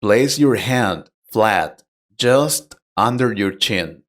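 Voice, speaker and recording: Speaking very slowly in a low-leaning voice with lively intonation, a man teaches English pronunciation. His explanations are plain and patient, and he asks the learner questions directly.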